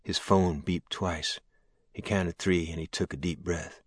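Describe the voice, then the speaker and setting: A man reading an audiobook in a steady, matter-of-fact way. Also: low voice, moderate pace, slightly rough, dry recording. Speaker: narrator. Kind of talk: audiobook narration. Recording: dry close studio sound.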